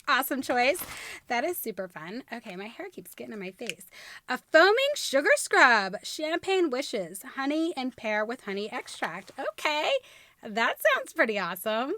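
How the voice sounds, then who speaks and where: Bubbly high-voiced woman gushing over gifts. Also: pushed and bright, a little hiss or hum. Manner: gushing, squealing with delight. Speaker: YouTube host unboxing a gift box. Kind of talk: bubbly unboxing vlog.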